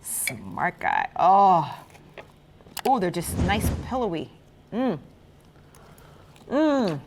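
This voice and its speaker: A woman's voice: fairly low pitch, big pitch swings, very slow, noisy background. A woman hosting a cooking show, tasting the food and reacting with gushing exclamations as she chats with a chef. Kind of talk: enthusiastic cooking show chat.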